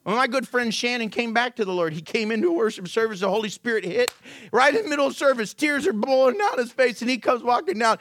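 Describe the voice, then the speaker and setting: A man preaching a sermon, telling stories with lively swings and asking the congregation rhetorical questions, sometimes dropping to low, quiet asides. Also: quick pace, dry recording. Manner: animated storytelling with sudden drops to a low, quiet aside. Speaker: pastor.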